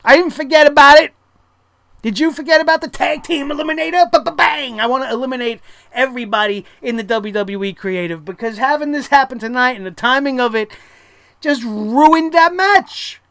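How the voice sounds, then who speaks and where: A wrestling show reviewer rants casually and sarcastically in a high, quick voice, blunt and swearing freely. There are loud, exasperated outbursts and laughter at their own jokes, captured in a dry recording.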